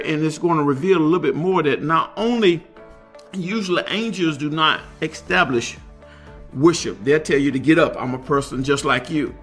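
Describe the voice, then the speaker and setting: A man with a fairly high, gravelly voice teaches a Bible study. He reads scripture aloud and then explains it in an unhurried, plain way. Faint music plays behind him. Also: fairly bright tone. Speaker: pastor.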